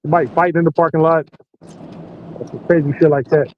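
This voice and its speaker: A man in his forties with a high voice spins a profane, animated story in casual chat. He laughs often. The sound is muffled and lo-fi, with a faint hiss. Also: fairly quick. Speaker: podcast host working night security patrol.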